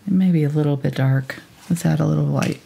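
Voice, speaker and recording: A woman teaching a live painting tutorial step by step, thinking aloud as she works in a relaxed, chatty way. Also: low-pitched, quick pace, gravelly, slight background noise. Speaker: painting instructor.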